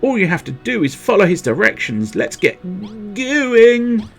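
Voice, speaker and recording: A man's voice: high-pitched, sing-song, measured pace, creaky, faint music behind, pitched above the performer's own voice, full character voice. A man voicing a cheerful little slime creature in a video game, in a sing-song voice full of gooey puns. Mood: chirpy.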